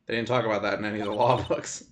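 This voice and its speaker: A man voicing a perky, playful young woman sidekick in a chirpy high voice. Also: flat delivery, rapid-fire, slight background noise, lightly acted.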